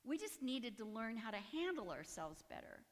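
A woman's voice: on the high side, very animated, normal speed, long reverb tail. A woman giving a personal testimony in church, earnest and emotional, with nervous little laughs. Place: church sanctuary.

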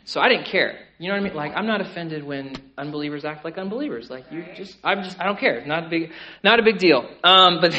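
A young man preaching a sermon as pastor, in an animated, conversational way full of fillers like "like" and "okay". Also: fairly high pitch.

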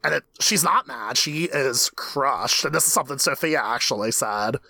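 A man co-hosting a TV recap podcast in casual chat, animated and laughing often as he retells scenes. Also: mid-range voice, brisk, vocal fry, slightly rough, no echo. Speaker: podcast co-host.

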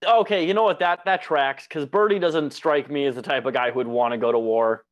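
Fast-talking, joking man. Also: on the high side. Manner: quick, joking, stammering restarts. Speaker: podcast co-host. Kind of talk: casual film chat.

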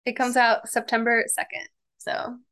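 A young woman co-hosting a casual chat podcast, gushing and full of fillers as she tells animated stories. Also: on the high side, normal speed. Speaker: podcast co-host.

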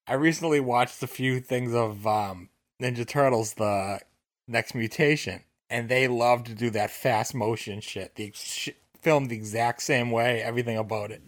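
A man co-hosting a casual podcast with friends. He states his opinions bluntly and sometimes stumbles over his words. His voice has an ordinary mid-range pitch. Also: moderate pace. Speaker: podcast co-host.

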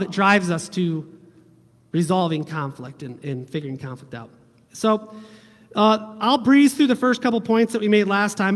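A man preaching a conversational sermon to his congregation, often asking them questions. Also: sits high. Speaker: pastor. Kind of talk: sermon teaching. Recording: long hall reverb.

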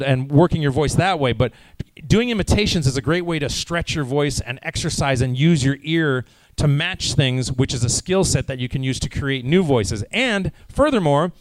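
A man's voice: a little high, no room sound. Chatty American man with a dry sound. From United States. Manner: rambling, chatty, many fillers and restarts. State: jet lagged. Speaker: voice actor answering fan questions at a convention panel. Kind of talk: casual panel Q&A.

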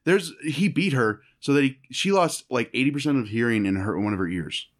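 A man co-hosting a casual podcast chat, talking in an animated, jokey, rambling way. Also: medium pitch, fairly quick.

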